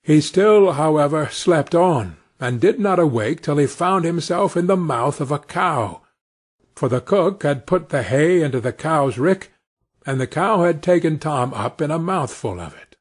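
A man narrating a fairy tale for English learners in a slow, expressive storybook reading. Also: fairly high pitch, slightly rough.

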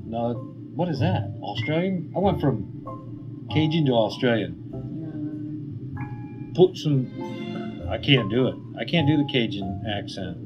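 A man's voice: mid-range voice, animated, unhurried, pauses often, dull audio. A man playfully attempting a Cajun voice for a challenge and mocking himself when it fails. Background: music.

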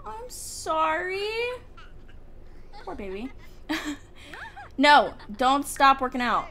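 Young woman chatting over a game at home, kinda high voice, giggles a lot, faint hiss behind. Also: big pitch swings, drawn-out words. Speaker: gaming YouTuber. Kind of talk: casual game commentary. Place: home room with the window open. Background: faint outdoor ambience.

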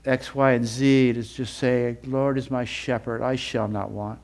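A male preacher in the middle of a sermon, with a voice of ordinary pitch. He builds with feeling through repeated phrases and drops lower and slower when he reads scripture aloud. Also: level tone, darkish tone. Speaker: Bible teacher. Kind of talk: sermon teaching.

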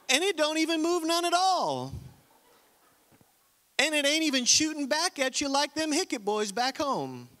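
A man's voice: sits high, a bit bright, voice pushed up. A man doing a naive Southern country-boy recruit. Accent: American Southern (put on). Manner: folksy drawl, reading a letter aloud. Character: young male country-boy Marine recruit, cheerful and naive. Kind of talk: comic letter reading in a sermon.

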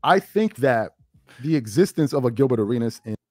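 A man talks in a mid-pitched, animated voice, blunt and mocking as he lays out his opinions. The sound is dry and close, with no room around it. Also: a little fast, dry recording. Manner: mocking, blunt, joking insults. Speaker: online commentator. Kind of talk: opinion commentary video.

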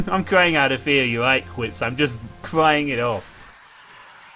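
A man's voice: medium pitch, slow pace, pushed and bright, soft background music. A young man commentating a horror game, wry and jokey, breaking into yelps and laughter. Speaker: gaming streamer.

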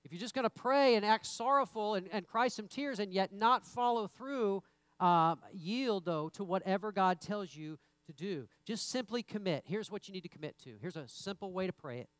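A man's voice: high-pitched, moderate pace, a bit bright, smooth, no echo. A man preaching a sermon in a church in a conversational way, often repeating words and rising into emphatic bursts. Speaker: pastor. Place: church sanctuary.

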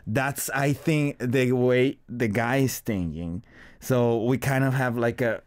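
A man's voice: mid-range voice, slow pace, darkish tone, no room sound. Man, radio guest, casual chat, laughs a lot, dry studio sound. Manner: laughs often, acts out quoted lines. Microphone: studio mic.

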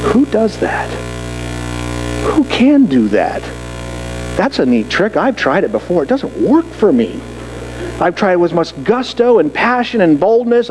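A man preaching a sermon as pastor, lively and dramatic, acting out quoted voices and asking rhetorical questions. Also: high voice, measured pace, faint music behind, low-quality recording.

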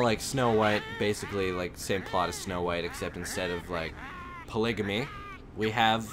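A man hosting a let's play, commentating in an energetic, rambling, laughing way. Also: medium pitch. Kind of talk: game commentary.

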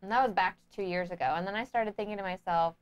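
A woman's voice: medium pitch, fast talker, clear, resonant tone, muffled recording. A woman co-hosting a crowdfunding review show, chatting casually and eagerly about games. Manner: enthusiastic and excitable. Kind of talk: casual chat.

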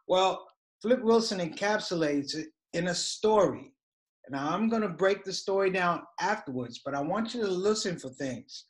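A man's voice: high voice, sing-song, normal speed. Engaging middle-aged man teaching comedy. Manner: conversational, engaging. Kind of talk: workshop talk.

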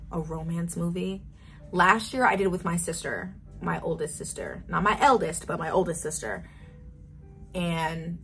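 A woman's voice: fairly low pitch, fairly bright tone. An eighteen-year-old woman chatting casually in a get-to-know-me vlog, bubbly and wandering off on tangents. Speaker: vlogger.

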